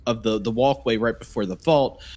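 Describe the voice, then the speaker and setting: A man's voice: mid-range voice, darkish tone. A man narrating a tabletop game as game master, casual with many fillers. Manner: casual, filler-heavy, halting.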